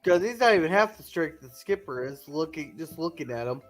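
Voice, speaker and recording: A man's voice: a little high, animated, faint music behind. A man co-hosting a casual commentary on an old TV episode, agreeing often and adding jokes. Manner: chimes in with quick agreement and adds jokes.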